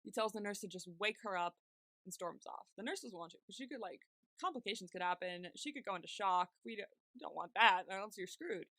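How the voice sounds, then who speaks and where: A woman's voice: mid-range voice, a little fast, bright, forceful tone, dry recording. A woman co-hosting a podcast, retelling TV scenes in casual chat and acting out the characters' lines with frequent laughter. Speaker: podcast co-host.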